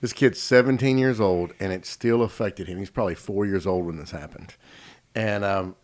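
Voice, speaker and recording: A man's voice: low voice, normal speed. A man in his forties hosts a casual podcast conversation. He talks candidly, hammering home points by repeating himself, and laughs as he tells stories. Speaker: podcast host.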